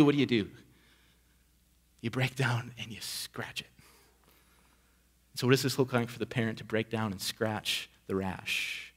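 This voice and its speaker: A man preaching a sermon in an earnest way, building his points with repetition and rhetorical questions. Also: medium pitch. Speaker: pastor.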